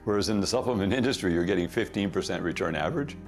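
A middle-aged man, a company founder, telling stories in a casual, animated way, often laughing at himself. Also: sits low, racing, faint music behind. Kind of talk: casual anecdotal storytelling.

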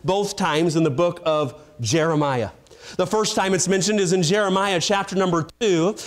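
High-voiced preacher man with dramatic swings. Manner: dramatic revival preaching, builds to shouts then drops low. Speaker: evangelist preaching. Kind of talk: sermon.

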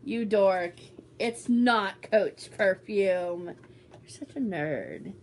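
A woman's voice: mid-range voice, extremely slow. A woman vlogging casually as she unboxes a gift swap, bubbly and teasing as she exclaims over each item. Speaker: beauty vlogger.

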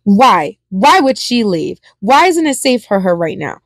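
A woman's voice: very animated, unhurried, no echo, clean studio sound. A woman voicing an unhinged, sneering male killer clown in a read-aloud fan story. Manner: sneering, shrill, mocking.

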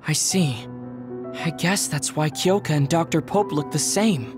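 A man voicing a calm, level-headed young male officer in a video game, speaking in a measured way. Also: on the high side, lightly acted. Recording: game audio with faint music.

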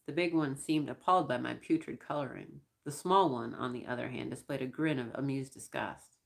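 A woman reading a science-fiction novel aloud in first-person narration, measured and wry. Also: extremely low pitch, creaky. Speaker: audiobook reader.

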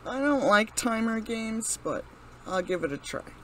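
A woman's voice: fairly high pitch, sing-song, moderate pace, fairly bright tone, a little hiss or hum, poor audio. A woman hosting her gaming channel, casually commenting as she plays, reading commands aloud, laughing and exclaiming. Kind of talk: casual let's-play commentary.

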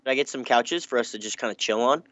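A man's voice: medium pitch, fairly bright tone, dry recording, lo-fi sound. A young man bantering and teasing his friend during a casual let's-play, laughing often. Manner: teasing, playful, quick to laugh. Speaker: guest gaming partner.

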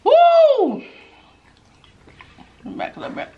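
Woman host for an eating show, chatty and giggly, middle pitch with a lively, bouncing melody. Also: moderate pace, lo-fi sound, background noise. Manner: chatty, giggly, talks to viewers while eating. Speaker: mukbang host. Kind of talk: casual eating-show chat.

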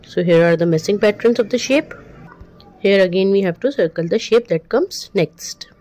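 A woman's voice: medium pitch, moderate pace, darkish tone, slight background noise, rough recording. A woman, going through a maths workbook as a tutor, stating answers one by one and repeating them. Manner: plain step-by-step explaining, repeats answers. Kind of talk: workbook walkthrough lesson.

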